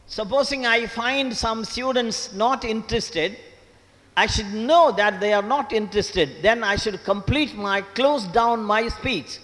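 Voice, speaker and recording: A man's voice: high-pitched, a bit bright. A man in his seventies with a Tamil Indian English accent gives a motivational lecture to college students. He asks the audience questions, repeats key points and stresses each syllable. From Tamil Nadu, India. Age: 70s. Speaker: guest lecturer, former English professor. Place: college auditorium. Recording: long hall reverb.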